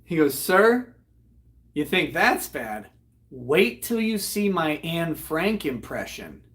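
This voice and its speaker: A man, host of a live online show, retelling a comedy act in a loud, profane, animated way and breaking into laughter. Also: fairly high pitch, slow pace. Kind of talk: casual storytelling on a livestream.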